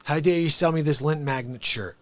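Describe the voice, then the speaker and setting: An upbeat, excitable man chats casually to his livestream viewers. His voice sits a bit high for a man and sounds close and dry, with no room around it. He swings from loud, eager bursts to low, muttered asides. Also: brisk, no echo. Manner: talks straight to the viewers. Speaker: livestream host. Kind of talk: casual live-stream chat.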